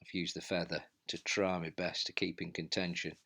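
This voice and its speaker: A man's voice: low voice, level tone, moderate pace, pushed and bright. A man commentating on his own indoor bike race as he rides, out of breath and urging himself on. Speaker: cycling vlogger. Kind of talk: live race commentary while riding.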